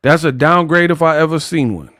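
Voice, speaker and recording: A man's voice: a little high, brisk, a bit bright, no room sound, studio quality. Slangy mocking boxing commentator man.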